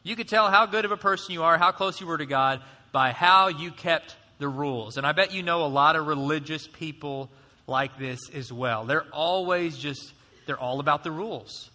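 A man preaching a sermon as pastor, in a conversational, animated way, acting out voices now and then. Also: fairly high pitch, normal speed, long reverb tail.

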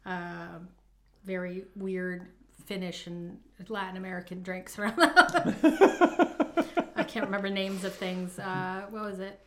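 Unhurried, giggly female podcast co-host. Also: mid-range voice, a bit bright. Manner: giggly, hesitant, thinking aloud. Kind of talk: casual chat.

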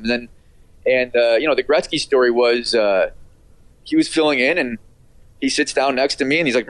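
A man's voice: medium pitch, expressive, quick pace, dry recording. A middle-aged man, a radio producer, telling stories as an interview guest in a rambling way, full of fillers and acted-out quotes. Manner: rambling, filler-heavy, acts out quoted voices. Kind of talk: casual storytelling interview.

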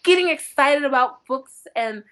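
A woman book blogger chatting as a podcast guest, telling lively stories with frequent laughter and acted-out quotes. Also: high voice, unhurried. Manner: animated, laughing often, acts out quotes. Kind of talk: chatty podcast interview storytelling.

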